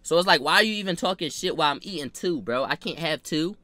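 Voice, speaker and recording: A man's voice: fairly high pitch, fast, no room sound. Man, casual storytime, slangy and profane, dry close sound. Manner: animated, slangy, profane, repeats himself for emphasis.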